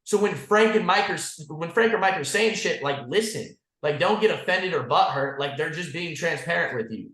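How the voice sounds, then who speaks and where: Guy with a higher voice giving his sales team a blunt pep talk, lots of "like" and "guys", swears a lot, roomy echo. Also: animated, moderate pace, few pauses, fairly bright tone. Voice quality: blunt, profane, says "like" and "guys" often. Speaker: insurance agency leader. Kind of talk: motivational team call talk.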